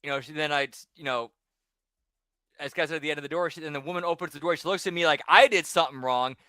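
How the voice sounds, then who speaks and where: A man co-hosting a podcast, telling personal stories in a loose, rambling way that often trails off quietly. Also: fairly high pitch, quick pace, clean tone, dry recording, clean studio sound. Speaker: podcast co-host. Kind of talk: casual storytelling chat.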